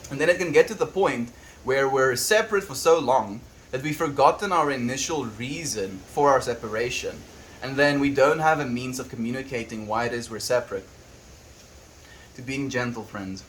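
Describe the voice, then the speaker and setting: A South African man talks gently and thoughtfully on a casual livestream, pausing to read viewers' messages aloud. His voice sits at an ordinary middle pitch, with a faint hum of room noise behind him. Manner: soft-spoken and reflective, reads chat messages aloud.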